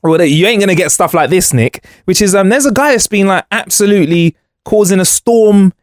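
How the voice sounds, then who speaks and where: A man co-hosting a podcast, bantering in a jokey, lively way. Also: high voice, a little fast, dry recording. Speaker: podcast co-host. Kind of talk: casual chat.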